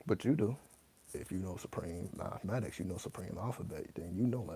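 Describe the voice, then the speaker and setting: Male host, deep dark gravelly voice, AAVE speaker, blunt profane monologue, spells words out loud. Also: fairly quick, a little hiss or hum. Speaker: host answering viewer questions. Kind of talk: casual monologue to camera.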